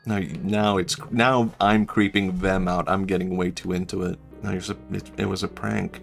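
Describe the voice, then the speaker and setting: Low-voiced man rambling on a gaming stream. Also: little pitch movement, normal speed, creaky, hardly any pauses, soft background music. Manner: rambling, laughs often, jokey voices. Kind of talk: casual gaming stream chat.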